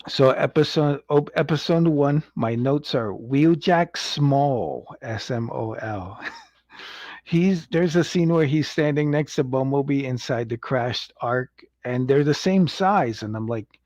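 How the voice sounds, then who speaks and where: A man's voice: mid-range voice, animated, takes it slowly, darkish tone, dry recording. A man hosting a casual livestream review. He rambles, chuckles often and acts out quotes. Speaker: show host reviewing an animated series. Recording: dull lo-fi, dry sound.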